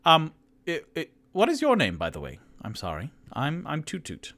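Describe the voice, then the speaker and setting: A man's voice: fairly high pitch, huge pitch swings, moderate pace, a bit bright, pitched above the performer's own voice, exaggerated voice. A man doing a nervous, apologetic adventurer. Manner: hesitant and apologetic.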